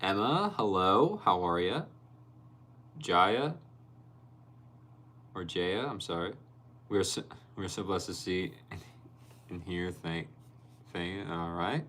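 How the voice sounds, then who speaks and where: A man's voice: low voice, lively intonation, measured pace, pauses often, a bit bright, slight background noise. A young man hosting a casual livestream, reading viewer comments aloud and laughing often. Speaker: livestream host reading chat. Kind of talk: casual live-stream chat.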